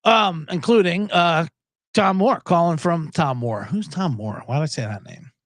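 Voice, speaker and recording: A man's voice: a little high, moderate pace, dry recording, studio quality. A man hosting a sports betting podcast in a casual, rambling chat that swears now and then. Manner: animated, rambling and profane, with many restarts.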